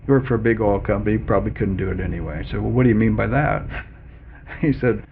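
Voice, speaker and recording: An older man tells stories in an oral-history interview, his voice gravelly and full of fry. He slips in the other people's lines as he goes. The sound is narrow and phone-like, with a faint hiss behind him. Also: lowish voice, quick pace. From Canada and Colorado. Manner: animated storyteller who quotes other people in dialogue. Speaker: interviewee, former chief executive.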